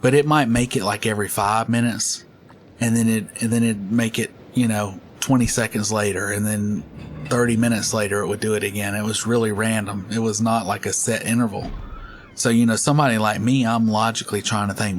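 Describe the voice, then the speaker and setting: A middle-aged man with a drawl, chatting loosely as he plays a game. His voice sits on the low side, and he rambles from story to story with frequent laughter. Faint game sounds hum underneath. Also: fairly even intonation, fairly quick. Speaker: gaming channel host. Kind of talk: casual chat while playing.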